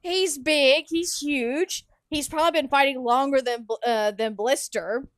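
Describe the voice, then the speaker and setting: Picture a young woman streamer with a bright, high voice, giggling and rambling as she plays and answers viewer questions. She is close on a desk mic in a dry, deadened room, and every word sits right up front. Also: unhurried, dry recording. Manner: giggly, chatty, yawning between sentences. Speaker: streamer and game host. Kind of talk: casual livestream chat while playing.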